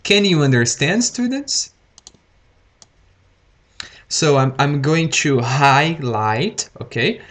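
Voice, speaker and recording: Slow, careful male teacher. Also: fairly high pitch, animated, fairly bright tone. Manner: deliberately slow, repeats words and says okay often. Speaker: English teacher. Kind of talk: live-streamed grammar lesson.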